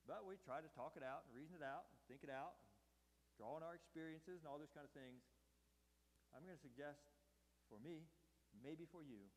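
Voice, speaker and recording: A man's voice: on the high side, moderate pace, long pauses. Folksy preacher man in an echoey hall. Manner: folksy, repeats and restarts phrases. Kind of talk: conversational sermon. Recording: echoey hall with long reverb.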